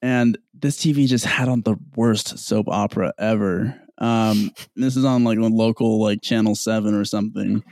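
Young man, casual storyteller, animated, dry close sound. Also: fairly low pitch, moderate pace, hardly any pauses, dry recording. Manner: animated, swearing, acts out others in dialogue.

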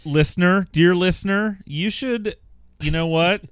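A man's voice: high-pitched, unhurried, clear, resonant tone, dry recording, clean studio sound. A man, co-hosting a casual podcast, talking in a sarcastic, profane way and reading a listener's letter aloud. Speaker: podcast co-host.

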